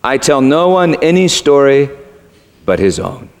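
A man voicing a vast, gentle male lion, speaking slowly and gravely. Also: sing-song. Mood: solemn. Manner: slow, low and grave. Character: vast, calm, deep-voiced male lion, solemn and gentle. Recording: echoey hall.

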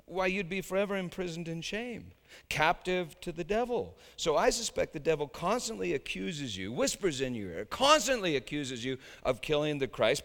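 A man preaching with lively, bright dramatic swings, moving from hushed low lines up to ringing shouts. He speaks slowly and deliberately, and his voice echoes through a hall with a long reverb. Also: vocal fry. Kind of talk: sermon.

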